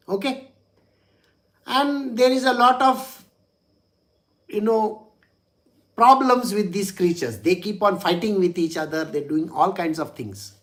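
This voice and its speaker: A man's voice: high voice, a bit bright. A man, a spiritual teacher telling a religious story in a chatty way, with frequent chuckles and "you know" asides.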